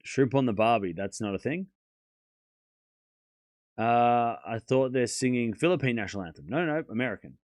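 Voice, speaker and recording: A man's voice: mid-range voice, expressive, a little mellow, no room sound, clean studio sound. A young man with an Australian accent hosting a casual livestream, chatting with viewers and joking as he answers their questions. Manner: playful, jokey, quick to laugh and exclaim. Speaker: streamer hosting a tennis watchalong.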